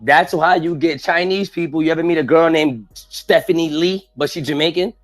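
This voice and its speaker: A man hosting a casual group chat, quick and animated, full of slang. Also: on the high side, faint music behind. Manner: animated, fast slang-heavy talk. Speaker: podcast host.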